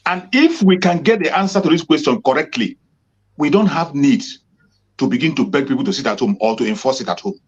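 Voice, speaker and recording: A man's voice: medium pitch, lively intonation, a little fast, breathy edge, lo-fi sound. A Nigerian man hosting an online broadcast, earnestly exhorting his audience. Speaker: host.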